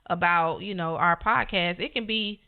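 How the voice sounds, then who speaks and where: A woman's voice: fairly low pitch, moderate pace, clean tone. A woman co-hosting a podcast with her husband, speaking earnestly and with animation, often saying "you know". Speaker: podcast co-host. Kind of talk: casual conversation. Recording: phone-like narrow sound.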